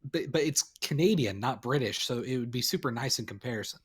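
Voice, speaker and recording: A man's voice: medium pitch, animated, a little fast, breathy edge. A man from the American Midwest with a mid-range voice, chatting on a podcast. He talks in loose run-ons full of "like". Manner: chatty, lots of "like". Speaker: podcast guest. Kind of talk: casual chat.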